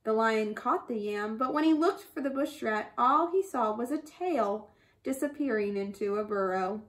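A woman's voice: a little high, moderate pace. A woman reading a folk tale aloud expressively, adding sound effects. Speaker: storyteller.

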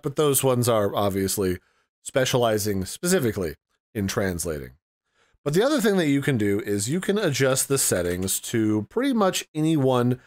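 A man hosting a casual tutorial, explaining in a rambling, conversational way and thinking aloud as he goes. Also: mid-range voice. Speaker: tutorial host. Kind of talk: casual screen-recorded tutorial.

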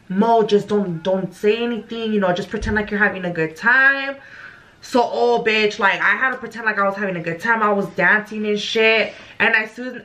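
A young woman vlogger telling a story casually, animated and profane, with lots of "like". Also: mid-range voice.

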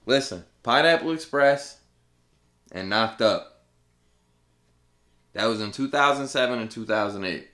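A man's voice: mid-range voice, a little slow, pauses often, fairly bright tone. Blunt, profane man in a roomy room. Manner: blunt, profane, dismissive banter. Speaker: podcast co-host. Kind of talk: casual chat. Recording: roomy echo.

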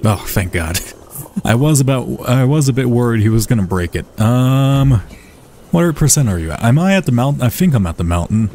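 A let's play gamer, a man with a mellow, medium-pitched voice, gives chatty commentary over his own gameplay from a desk mic. His intonation is lively and his pace moderate as he swears freely and talks to the creatures on screen.

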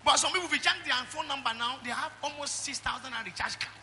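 A middle-aged Nigerian-accented man preaching a sermon in church, calling out to the congregation and swinging from loud exhortation to quiet asides. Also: very high-pitched, quick pace, a little hiss or hum. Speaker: pastor.

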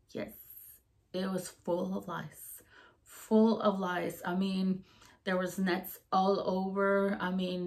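A woman telling a story from her time running a hair salon. She talks casually and with lots of life, jumping into the voices of the people she quotes. Her voice sits at an ordinary middle pitch for a woman. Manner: animated, acts out quoted voices.

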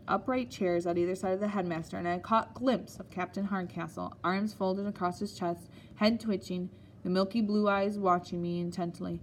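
A woman narrating an audiobook in a steady, measured storytelling manner. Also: mid-range voice, slight background noise.

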